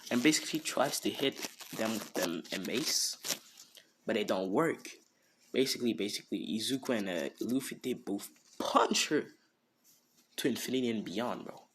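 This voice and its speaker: A man's voice: fairly low pitch, animated, moderate pace, fairly bright tone, slight background noise. A man casually improvising a fan story, rambling with many fillers like "you know" and "basically".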